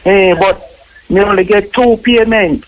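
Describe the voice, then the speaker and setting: A man with a Jamaican accent calling in to a radio show, asking a halting, repetitive question in patois. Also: high voice, steady tone, low-quality recording. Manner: halting, repeats himself. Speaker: caller. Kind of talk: phone-in question.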